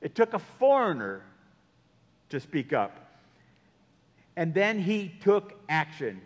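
A man's voice: fairly high pitch, big pitch swings, slow. A man preaching a sermon, telling stories and changing his pace for emphasis. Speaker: pastor. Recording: long hall reverb.

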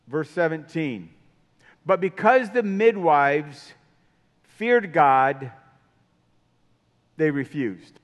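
A man's voice: on the high side, lively intonation, drawn-out words, pauses often, lo-fi sound. A man preaching a sermon in a casual, conversational way, asking his listeners many questions. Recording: long hall reverb.

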